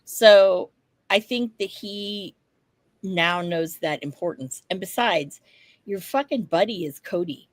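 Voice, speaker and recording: A woman co-hosting a podcast, telling a story in casual chat, animated, laughing often and swearing casually. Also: lowish voice, takes it slowly, dry recording. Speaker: podcast co-host.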